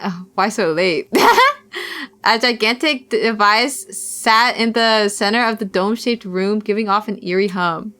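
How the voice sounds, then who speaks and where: A woman's voice: medium pitch, animated, unhurried, pushed and bright. A young woman streamer reading a visual novel aloud, with playful, giggly asides to chat.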